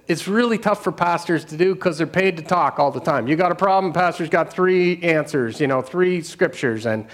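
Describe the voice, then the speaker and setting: A middle-aged man speaks in a voice a little higher than most men's. He tells a personal testimony as a pastor would, earnest and unscripted. He laughs often, trails off, and restarts his sentences as he goes. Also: a bit bright. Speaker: pastor and street outreach worker.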